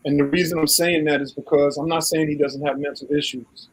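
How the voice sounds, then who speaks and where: A man's voice: on the high side, little pitch movement, brisk, slightly rough, poor audio. A man co-hosting a live online talk show in casual chat, telling long stories and acting out what others said in a raised voice. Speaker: co-host.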